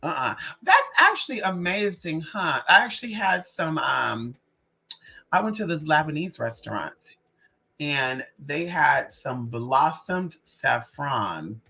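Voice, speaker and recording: A livestream host and spiritual reader chatting casually, sassy and profane, greeting viewers by name and telling animated stories full of "girl" and "honey". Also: mid-range voice, slow pace, gravelly.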